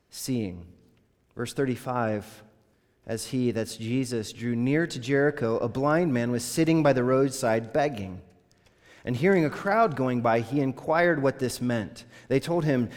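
A man preaching a sermon as pastor, talking conversationally and voicing the scripture quotes with rising intensity. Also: mid-range voice. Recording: long reverb of a large hall.

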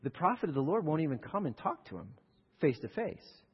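A man's voice: on the high side, big pitch swings, brisk, slightly rough, long reverb tail, highs cut off. A man preaching a sermon, retelling the stories and acting out the characters. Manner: storytelling, acts out the characters. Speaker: pastor.

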